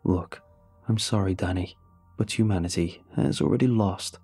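A man voicing a calm, persuasive male leader of a sinister cult, speaking in a smooth, coaxing way. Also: low-pitched, moderate pace, soft background music. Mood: calmly menacing.

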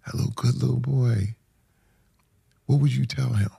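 A man's voice: mid-range voice, steady tone, moderate pace, vocal fry, dark tone, slightly rough. A man being interviewed who speaks candidly and earnestly, telling heartfelt stories about his life. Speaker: interview guest.

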